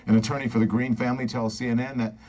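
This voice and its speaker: A man anchoring a news broadcast in a steady, formal read. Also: mid-range voice, very fast.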